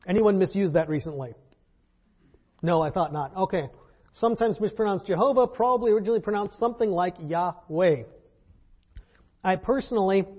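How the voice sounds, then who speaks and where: A man's voice: fairly high pitch, breathy edge, highs cut off. A man teaching a Bible lesson to a group in a conversational, wry way, with fillers and rhetorical questions.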